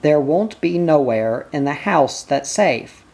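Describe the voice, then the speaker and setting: A slow-paced reader voicing Pod, a tiny, weary, stubborn father who speaks in an expressionless, tired way in an audiobook. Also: medium pitch, lively intonation, a little mellow. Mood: flat weary. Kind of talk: audiobook character reading.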